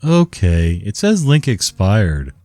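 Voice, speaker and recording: A man voicing a slow, dim-witted male office worker in a drawling, turtle-like voice. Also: lowish voice, very animated, warm tone, dry recording, faint music behind. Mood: slow, cheerful.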